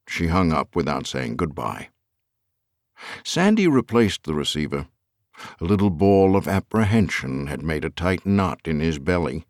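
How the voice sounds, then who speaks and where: A man with a very low voice reads an audiobook in a measured, storytelling way. His pitch stays lively and expressive, and the recording is close and dry. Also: dry recording. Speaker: audiobook narrator. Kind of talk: scripted audiobook narration.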